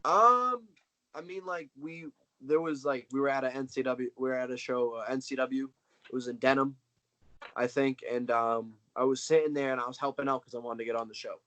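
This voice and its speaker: A man's voice: mid-range voice, brisk, a bit bright, low-quality recording. A young man, a wrestler, talking casually on a video call as an interview guest, slangy and boastful as he tells his story.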